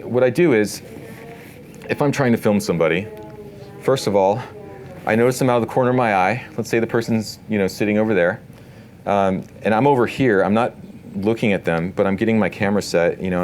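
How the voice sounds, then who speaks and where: A man giving a casual live workshop talk to an audience in an event space, relaxed and talkative, full of filler words. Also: on the low side, a little hiss or hum. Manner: relaxed, talkative, many "like" and "you know" fillers.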